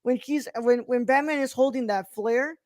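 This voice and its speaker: A woman with a higher-pitched voice talks through a movie in loose podcast chat. She rambles, restarts her sentences and gushes about what she loved. The sound is close and dry. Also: moderate pace, darkish tone, no room sound. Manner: rambling, many restarts, enthusiastic. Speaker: podcast co-host. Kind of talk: casual film review chat.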